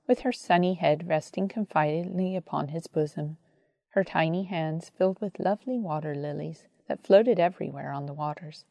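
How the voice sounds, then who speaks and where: Give me a calm, reverent woman narrator with a low, warm tone. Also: vocal fry, no room sound. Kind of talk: audiobook narration.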